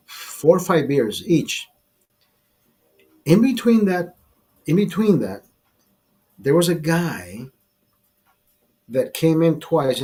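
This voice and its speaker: During a laid-back drinking livestream, the male host, whose voice is a little high, darkish, and husky, rambles through a profanity-laced bar anecdote for his viewers.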